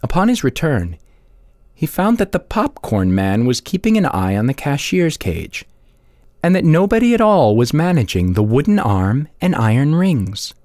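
A man reading a classic short story aloud with expressive, varied delivery. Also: mid-range voice, normal speed, no room sound, studio quality.

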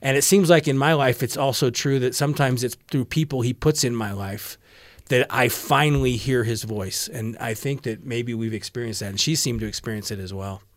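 A man's voice: mid-range voice, moderate pace, no room sound. A man co-hosting a faith discussion, relating his own experiences in a conversational, anecdotal way.

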